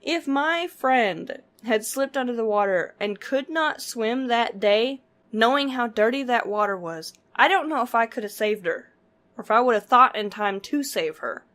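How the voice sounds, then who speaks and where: A woman's voice: fairly high pitch, animated, moderate pace, a bit bright. A woman vlogging to her viewers, telling a story casually with lots of filler words and frequent laughter. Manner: chatty, laughs often, full of "like" fillers.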